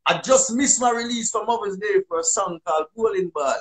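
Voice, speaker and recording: A man from Jamaica with a Jamaican accent, talking in a casual, lively interview as a dancehall artist guest. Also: high-pitched, a little fast. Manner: lively, animated patois-laced talk.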